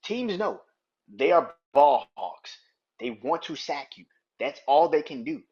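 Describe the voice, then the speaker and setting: A man's voice: on the high side, animated, a little slow, darkish tone, slightly rough, dull audio. A man hosting a sports podcast, ranting in a heated, profane, incredulous way. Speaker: podcast host. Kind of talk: sports opinion rant.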